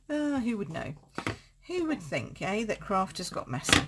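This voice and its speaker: A woman's voice: medium pitch, sing-song, slow pace, pauses often, heavy background noise. A woman hosting a live card-making tutorial, chatty and upbeat, laughing at herself as she works. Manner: chatty, upbeat, self-mocking with frequent laughs. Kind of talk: live-streamed craft tutorial.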